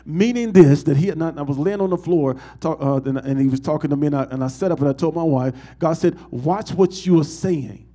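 A man's voice: a little high, quick pace, hardly any pauses, dark tone. A man, a pastor, preaching a sermon to his congregation and asking them call-and-response questions.

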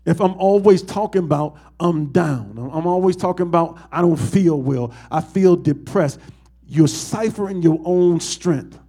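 A man's voice: sits high, unhurried, vocal fry, warm tone, slightly rough. A man, a pastor, preaching a sermon to his congregation and asking them call-and-response questions.

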